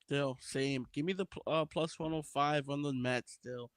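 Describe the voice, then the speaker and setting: A man co-hosting a sports betting podcast, giving his picks in a relaxed, informal way with casual slang. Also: fairly high pitch, normal speed, clean tone, no echo. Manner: laid-back, informal Southern-style slang.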